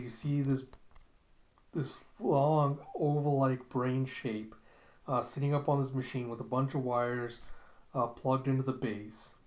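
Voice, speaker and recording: A manga recap host with a medium-pitched, slightly mellow voice casually summarizes a comic. His delivery is loose and rambling, full of fillers, and the recording has a roomy echo.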